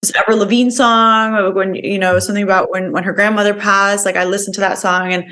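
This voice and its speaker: A woman's voice: medium pitch, level tone, brisk, pushed and bright. A young woman guest on a podcast, telling her personal story earnestly, with many fillers like "like" and "you know".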